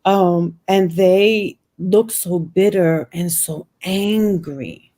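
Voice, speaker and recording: A woman's voice: fairly low pitch, drawn-out words, mellow. A middle-aged woman, a podcast guest, earnestly telling a personal story and repeating phrases for emphasis.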